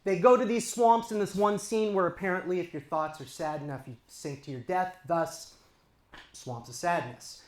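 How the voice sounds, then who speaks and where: On a comedy club stage in front of a live crowd, a forties-aged man from eastern LA County delivers self-deprecating, conversational stand-up. His voice is high, his pace moderate, and the sound is roomy.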